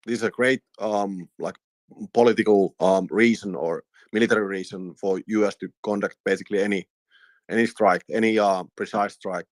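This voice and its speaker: Male panel guest, lowish pitch, dry sound, hesitant delivery. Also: fairly even intonation, dry recording. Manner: halting, many fillers. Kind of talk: casual panel chat.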